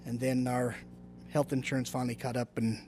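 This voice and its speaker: A man's voice: medium pitch, flat delivery, brisk, over music. A man, the county clerk-auditor, presenting items at a public meeting in a plain, matter-of-fact way.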